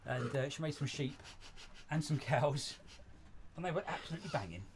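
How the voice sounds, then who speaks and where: A man hosting a casual live stream from his model railway, chatty, jokey and excitable. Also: on the high side, moderate pace, a little hiss or hum. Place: indoors at a model railway layout.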